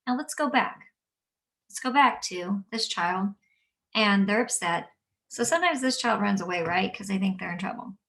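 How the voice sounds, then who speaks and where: Calm woman teacher with a gravelly voice. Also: medium pitch, moderate pace, recorded from a distance. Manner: calm, gentle, acts out what she says to children. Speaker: early childhood teacher. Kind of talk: instructional talk. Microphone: camera mic at a distance.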